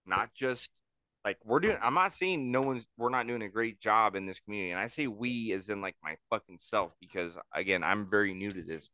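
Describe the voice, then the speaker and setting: A man's voice: fairly low pitch, fairly quick, sharp tone, dry recording. A man talking casually on a podcast, blunt and emphatic, with frequent swearing.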